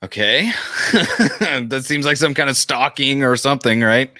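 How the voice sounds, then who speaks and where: A man's voice: medium pitch, fairly even intonation, moderate pace, bright, forceful tone, dry recording, studio quality. A man in casual chat, giving short reactions and laughing at a friend's story.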